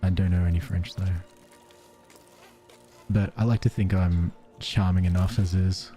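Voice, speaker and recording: An Australian man chatting casually while streaming a game, reacting to viewers' messages with soft chuckles. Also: deep voice, fairly even intonation, a little slow, soft background music. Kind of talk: casual gameplay commentary.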